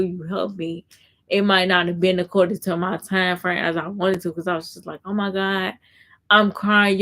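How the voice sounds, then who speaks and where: A woman content creator giving casual faith talk on a live stream, reading viewer comments aloud and answering them earnestly, often repeating herself. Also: lowish voice.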